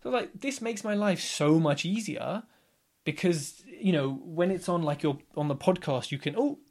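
Brief: man in his thirties, a podcast guest with a slightly higher voice, lively and chatty, acts out quotes. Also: moderate pace, vocal fry. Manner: animated storyteller, acts out others' lines. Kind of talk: casual podcast chat.

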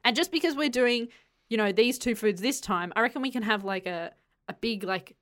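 A woman's voice: on the high side, a little fast, a bit bright. Aussie woman hosting a food podcast, chatty, rambly, lots of fillers. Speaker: podcast host. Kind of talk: casual chat.

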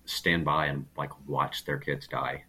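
Podcast guest: man with a very deep, husky voice, earnest and thoughtful. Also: fairly even intonation, unhurried, pushed and bright. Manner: reflective, earnest, restarts often. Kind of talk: casual chat.

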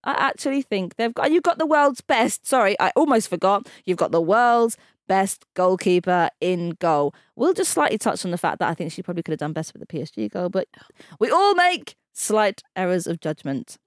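A woman's voice: medium pitch, sing-song, normal speed, no room sound, clean studio sound. A woman co-hosting a casual football podcast, playful and jokey, sometimes tripping over her words. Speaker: podcast co-host.

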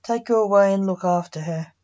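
A woman's voice: medium pitch, fairly quick, warm tone, highs cut off, natural voice. A woman voicing a stern male judge who speaks formally in court.

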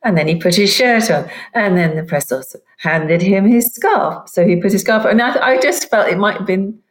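A woman's voice: medium pitch, lively intonation, a little fast, echoey room. A woman talking casually about football as a podcast panelist, with a dry, wry manner.

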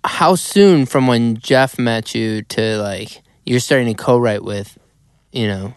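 A man's voice: mid-range voice, takes it slowly, clean tone, no room sound, clean studio sound. Man asking a casual interview question. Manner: brief encouraging interjections.

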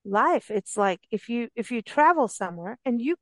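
A woman hosting a radio interview, talking in an enthusiastic, rambling, chatty way with quick laughs. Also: a little high, lively intonation, dry recording. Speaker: radio show host. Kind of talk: casual interview chat. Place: travel and parks radio show.

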